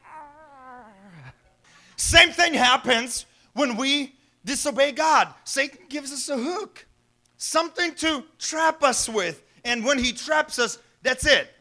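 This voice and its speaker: A male pastor preaching with a strikingly high, bright voice. He keeps it conversational, tossing rhetorical questions to the congregation and chuckling along the way. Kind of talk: sermon.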